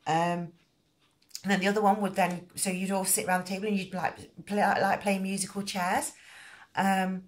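A woman's voice: mid-range voice, little pitch movement, moderate pace. A middle-aged woman hosting a crochet channel, explaining at length in a rambling casual way with many fillers and restarts.

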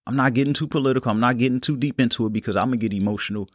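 A young man hosting a solo podcast, talking in a calm, unhurried, reflective way. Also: mid-range voice, no echo, clean studio sound. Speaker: podcast host. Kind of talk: casual solo podcast talk.

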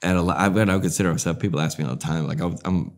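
A comedian as interview guest, talking in a rambling, animated way and acting out voices in his stories. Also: sits low, racing. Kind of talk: casual interview storytelling.

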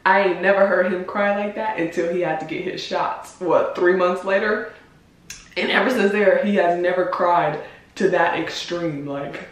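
A woman's voice: on the low side, moderate pace, heavy reverb, recorded from a distance, slight background noise. A woman in her twenties chatting to her viewers, emotional and close to tears, often laughing. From United States. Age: 20s. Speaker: vlogger. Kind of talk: emotional reaction vlog commentary.

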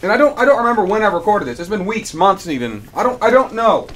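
A man's voice: sits high, very animated, fast, a bit bright, a little hiss or hum. A man, griping and rambling with stammers as he records commentary over his gameplay at home. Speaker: let's player. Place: home room with air conditioner.

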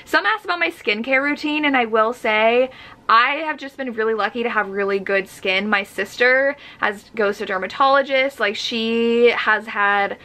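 Bright, bubbly young woman gushing. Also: fairly high pitch, normal speed. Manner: gushing, enthusiastic. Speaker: book vlogger. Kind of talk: casual chat.

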